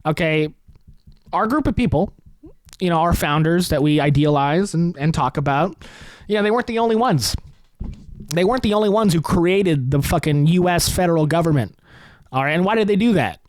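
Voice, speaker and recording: A man's voice: a little high, animated, normal speed, no room sound. A man hosting a comedy podcast, rambling through a profane topical rant and laughing at his own jokes.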